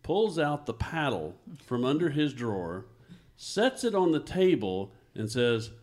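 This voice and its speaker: A man's voice: medium pitch, unhurried. A middle-aged man hosting a casual family podcast conversation, telling childhood stories with frequent laughter. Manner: animated storyteller, laughs often. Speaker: podcast host.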